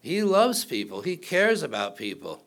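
A man preaching to a congregation, with a voice that sits a little high for a man. He reads verses aloud and keeps stopping to throw questions back at the listeners. Along the way he slips in jokes, so the sermon feels loose and conversational. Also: wildly swooping pitch, normal speed, creaky, fairly bright tone. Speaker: pastor.

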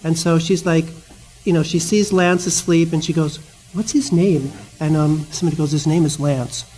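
A man with a notably high voice preaches a sermon. He talks in a loose, conversational way, slipping into stories and quick asides between scripture readings. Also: steady tone, a little mellow, breathy edge, poor audio.

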